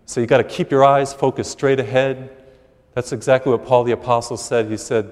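A man delivers a sermon in a church, his mid-pitched voice trailing into a long, ringing reverb. He preaches in a conversational way, easing into folksy stories and asides. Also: steady tone, fairly quick, a little mellow. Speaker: priest.

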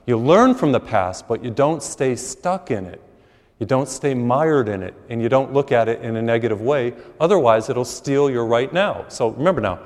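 A man's voice: mid-range voice, lively intonation, normal speed, darkish tone, long reverb tail. A man preaching a conversational, storytelling sermon as priest in a church.

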